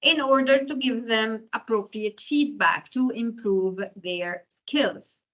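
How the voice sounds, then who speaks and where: Bright-voiced lecturer. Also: female voice, on the high side, slow, lo-fi sound. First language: Arabic. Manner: explanatory, keeps checking in with "okay?". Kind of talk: university lecture.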